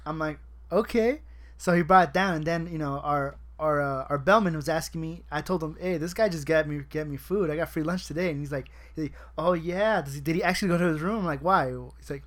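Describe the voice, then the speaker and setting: A man's voice: fairly high pitch, fairly quick, fairly bright tone. A young man co-hosting a casual podcast chat, joking and profane, laughing often. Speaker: podcast co-host.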